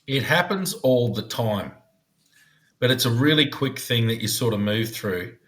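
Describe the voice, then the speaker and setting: A man telling stories on a casual podcast chat with his co-host. His voice sits at an ordinary middle pitch, and he talks in a relaxed, chatty way as he recounts work anecdotes. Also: measured pace. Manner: storytelling, slips into funny put-on voices for quoted people. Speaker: podcast co-host, former police negotiator.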